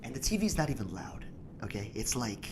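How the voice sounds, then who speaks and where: A man co-hosting a podcast, telling stories in casual chat with a profane, animated manner. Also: medium pitch, a little fast, background noise. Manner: profane, animated storytelling with frequent laughs. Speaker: podcast co-host.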